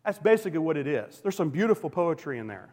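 A male pastor preaching a sermon in a church, emphatic and swinging between loud declarations and hushed, quiet lines. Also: fairly high pitch, very animated, quick pace. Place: church sanctuary. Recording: long hall reverb.

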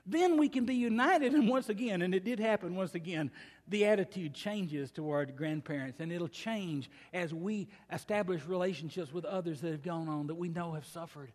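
An older man preaching a sermon, telling a folksy family story with slow, emphatic pauses. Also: sits high, darkish tone. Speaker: pastor. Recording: long hall reverb.

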